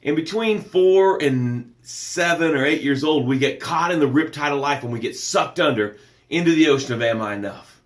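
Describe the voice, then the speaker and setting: A man's voice: fairly high pitch, moderate pace, roomy sound. Emphatic man hosting a motivational show. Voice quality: energetic, emphatic, preacher-like delivery. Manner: greets viewers by name and reads their comments aloud. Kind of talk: live-streamed motivational talk.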